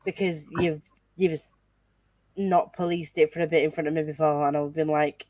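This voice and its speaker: A woman's voice: low-pitched, steady tone, moderate pace, darkish tone, no room sound. A woman with a Northern English accent, chatting casually with friends on a voice call, full of fillers and trailing off mid-thought. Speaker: channel host. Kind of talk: casual chat on a group call.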